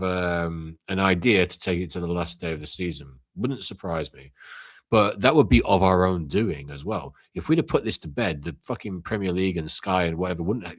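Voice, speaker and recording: A young man hosts a casual call-in chat in a low, deep voice. He talks bluntly and swears freely, with rants that break into loud outbursts. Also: breathy edge. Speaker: live call-in show host.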